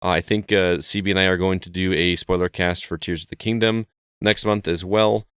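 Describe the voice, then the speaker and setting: A man with a very deep, resonant voice hosts a laid-back gaming podcast. He chats loosely with his co-hosts and runs through announcements in an easy tone. The sound is dry and close. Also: brisk, clear, resonant tone, no room sound. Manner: relaxed and chatty, reads show plugs. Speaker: podcast host. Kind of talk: casual podcast chat.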